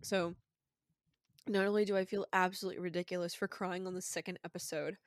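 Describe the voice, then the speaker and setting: A young woman co-hosting a podcast, tearful and crying as she talks, halting and apologetic. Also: lowish voice, flat delivery, no room sound. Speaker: podcast co-host. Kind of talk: casual chat.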